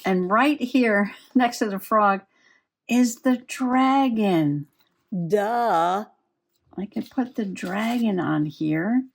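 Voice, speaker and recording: A woman's voice: mid-range voice, slow, creaky. A woman chatting and giggling as she works on a craft project. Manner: chatty, giggly, talks while working. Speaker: crafting vlogger. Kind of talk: casual crafting chat.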